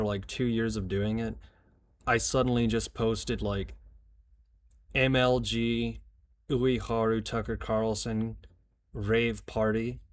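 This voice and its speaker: A man's voice: medium pitch, a little mellow. Rambling, profane male streamer. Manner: rambling, profane, jokey asides. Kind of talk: casual chat while gaming.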